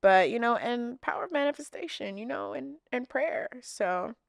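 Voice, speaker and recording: A woman's voice: a little high, animated, moderate pace, gravelly, no echo, studio quality. A young woman chatting casually to camera, answering viewer questions in an open, emotional way with lots of filler words. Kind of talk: casual heartfelt chat to camera.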